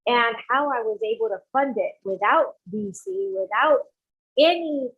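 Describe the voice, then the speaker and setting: Her voice is on the high side and slightly rough, her pace a little slow, as she appears as an entrepreneur guest on an interview podcast. She tells her story with animation, performing others' dialogue, in dull lo-fi audio.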